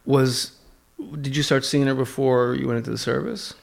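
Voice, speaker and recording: A man with a gravelly, fry-edged voice talks loosely as a podcast guest. He rambles from one thought to the next and throws in quick comic voices, all at a middling pitch. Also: steady tone. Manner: rambling, jokey, acts out voices in quick asides. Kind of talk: casual chat.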